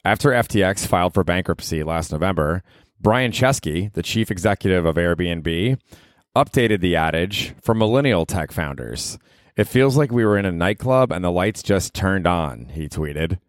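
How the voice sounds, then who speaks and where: Low-voiced, profane comedian host. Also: male voice, lively intonation, normal speed, no room sound, studio quality. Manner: loose, profane, rambling storytelling. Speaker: podcast host. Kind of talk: casual solo podcast chat. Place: small apartment.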